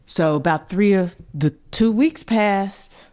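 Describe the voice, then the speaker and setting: A woman co-hosting a podcast, telling a childhood story in casual chat, animated and laughing, acting out family voices. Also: medium pitch, takes it slowly. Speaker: podcast co-host.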